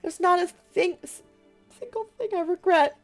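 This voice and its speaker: A woman reading out a video game's dialogue for a loyal, protective young man who was once a delinquent, in her own high voice. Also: normal speed, faint music behind. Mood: firm. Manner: reading game dialogue aloud.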